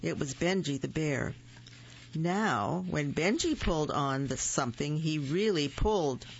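A storyteller reading picture books aloud slowly and gently, adding small asides. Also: mid-range voice, lively intonation, creaky, slightly rough. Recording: muffled lo-fi recording.

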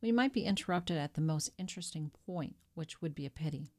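A greedy, anxious innkeeper who wavers as he talks, put on by a woman reading a storybook. His voice sits low, and he grasps at every chance of gain. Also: expressive, fairly quick. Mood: wary. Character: greedy anxious male innkeeper, middle-aged.

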